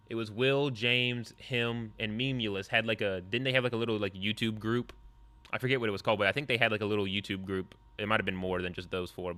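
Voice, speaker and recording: A man's voice: on the low side, bright, forceful tone. A man streaming, musing aloud and answering his chat in a reaction commentary.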